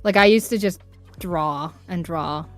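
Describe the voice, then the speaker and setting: A woman from Northern Ireland with a Northern Irish accent, a voice actor chatting as a guest on a livestream in an animated, talkative way. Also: lowish voice, unhurried, soft background music. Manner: chatty, animated, laughs often. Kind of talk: casual chat on a livestream.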